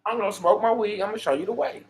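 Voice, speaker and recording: Streamer, male, high-pitched, profane preachy monologue. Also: rapid-fire. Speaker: livestream host. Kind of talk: unscripted livestream monologue.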